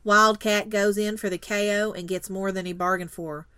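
A female podcast co-host with a middle-pitched voice and a dry, close recording. She teases her co-hosts and reads plot recaps smoothly. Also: steady tone, moderate pace, fairly bright tone, no echo. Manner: teasing, playful. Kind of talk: casual chat and scripted episode recap.

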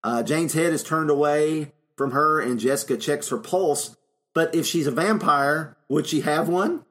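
A man's voice: a little high, unhurried, fairly bright tone. A middle-aged man co-hosting a podcast, chatting casually and recapping film plots with frequent laughs. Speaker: podcast co-host.

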